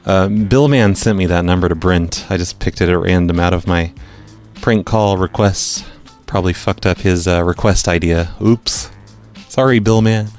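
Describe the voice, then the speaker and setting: A man with a lowish voice hosts a prank call podcast. He talks casually and teases with dry sarcasm, and faint music sits behind him. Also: moderate pace, a little mellow.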